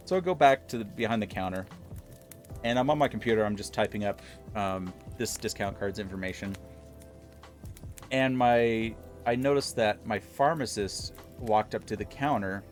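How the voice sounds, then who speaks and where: A man's voice: on the low side, normal speed, faint music behind. Exasperated man retelling a work story. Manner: exasperated, animated retelling with quoted dialogue. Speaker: pharmacy worker telling a story. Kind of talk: casual storytelling to viewers.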